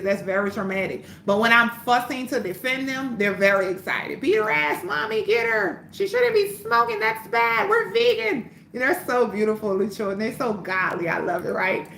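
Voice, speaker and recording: High, bright-voiced woman telling a story. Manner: animated, profane, swings between loud and hushed. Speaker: livestreamer. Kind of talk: casual storytelling on a livestream. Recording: roomy echo, faint background hum.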